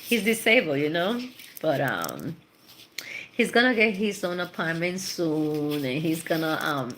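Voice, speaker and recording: A woman's voice: sits low, very animated, unhurried, a bit bright, slight background noise. A middle-aged woman, a tarot reader, chatting casually and rambling with laughs and bits of Spanish slang. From Puerto Rico. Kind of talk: casual chat.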